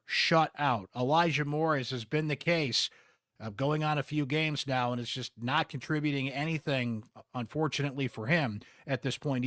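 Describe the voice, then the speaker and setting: A man's voice: on the high side, fairly bright tone, no room sound. A man with a Central New York accent hosting a postgame sports podcast, chatty and candid with wry asides, close on the mic.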